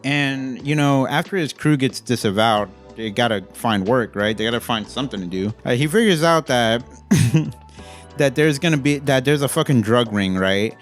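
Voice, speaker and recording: A man giving a casual, rambling, profane movie review, getting animated as he rants. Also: medium pitch, moderate pace, faint music behind.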